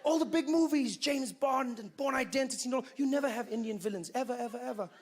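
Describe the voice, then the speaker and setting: A male stand-up comedian performing a routine in an animated way, full of "you know" asides. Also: very high voice, fast.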